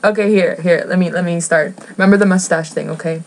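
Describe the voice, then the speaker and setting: Woman, vlogger, casual book chat, giggly, rambling, slightly low pitch. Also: fairly even intonation, fast talker, few pauses, slight background noise, rough recording. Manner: rambling, giggly, self-interrupting. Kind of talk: casual chat while reading a book aloud.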